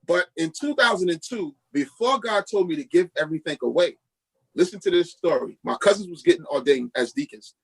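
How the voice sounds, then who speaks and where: A man's voice: on the high side, fairly quick, gravelly, breathy edge, poor audio. A middle-aged man from Queens, a pastor and podcast guest, telling a personal testimony and acting out the voices of the people in it. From Queens, New York. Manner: lively storyteller who acts out quoted dialogue.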